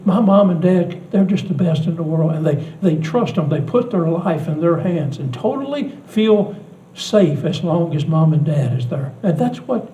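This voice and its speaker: An older man preaching a sermon in a church, telling a story earnestly, swinging between hushed and loud delivery. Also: high-pitched, roomy sound, distant mic, rough recording. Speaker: pastor.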